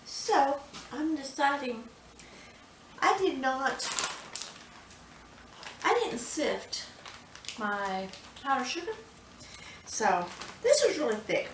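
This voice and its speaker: A woman with a drawl walks viewers through a home baking lesson, chatty and in no hurry. Her fairly high voice rings off the bare walls of a home kitchen. The mic sits a few steps away, with faint clatter of dishes behind her. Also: very animated, distant mic, noisy background. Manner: chatty, unhurried, says "y'all". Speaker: home cooking show host. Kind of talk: casual cooking tutorial. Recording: echoey kitchen, mic set back.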